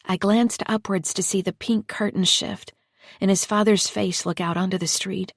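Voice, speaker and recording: A woman narrating a first-person psychological thriller audiobook in a measured, deliberate reading. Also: medium pitch, steady tone, dry recording, clean studio sound. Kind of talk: scripted narration.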